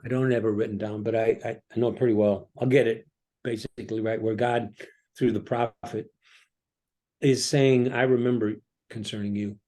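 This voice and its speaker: Halting, reflective man preaching. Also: lowish voice, steady tone, mellow. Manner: halting, with frequent ums and restarts. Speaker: pastor.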